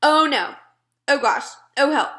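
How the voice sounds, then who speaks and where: A woman's voice: high-pitched, huge pitch swings, a little slow, pushed and bright, voice pushed up, heavily acted. A woman voicing a small, polite young girl in an earnest, lilting storybook read-aloud. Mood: disgusted.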